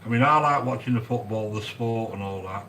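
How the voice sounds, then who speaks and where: A man hosting a chatty cooking stream from a home kitchen, rambling excitedly and answering viewers by name. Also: lowish voice, a little fast. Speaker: cooking video host. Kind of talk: chatty cooking livestream monologue. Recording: echoey room with faint background noise.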